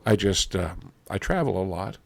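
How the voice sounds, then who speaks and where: Low-voiced blunt Canadian man. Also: sing-song, moderate pace, vocal fry, no room sound. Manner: blunt, opinionated, swears freely. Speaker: podcast co-host. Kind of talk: casual chat.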